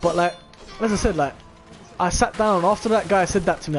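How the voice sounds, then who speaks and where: A man's voice: sits high, expressive, normal speed, pauses often, soft background music. A man, chatting casually and telling a long story full of swearing and filler words. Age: 20s. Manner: rambling and profane, full of filler "like". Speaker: vlogger.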